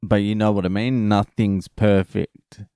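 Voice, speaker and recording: A man's voice: lowish voice, level tone, unhurried, dark tone, clear, resonant tone, no room sound, studio quality. A man vlogging in a casual storytelling way, swearing freely as he retells conversations.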